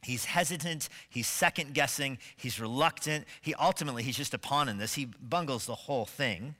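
Emphatic pastor with a bright voice. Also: male voice, medium pitch, fairly quick, in a large hall. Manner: emphatic, building to forceful stresses; asks rhetorical questions of the congregation. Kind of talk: sermon. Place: church sanctuary.

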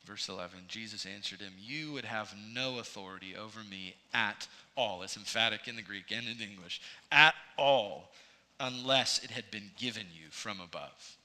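A man preaching an expository sermon, his voice rising to emphatic peaks and dropping low. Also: normal speed, few pauses, sharp tone. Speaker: pastor.

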